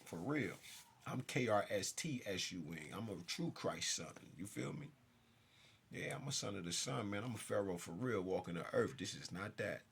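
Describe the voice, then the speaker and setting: Jumping around as he talks, this self-styled spiritual figure unloads an intense, profane rant directly at his listeners on camera. His fairly low voice is gravelly, expressive, fairly bright and slightly rough, at a moderate pace.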